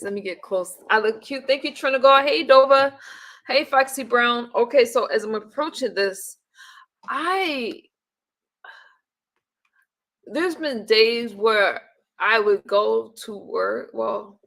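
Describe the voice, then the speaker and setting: A woman's voice: on the high side, takes it slowly, gravelly, pauses often, fairly bright tone. A woman on a casual live-stream check-in, chatty and emotional, greeting viewers by name and often trailing off and restarting. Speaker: livestreamer.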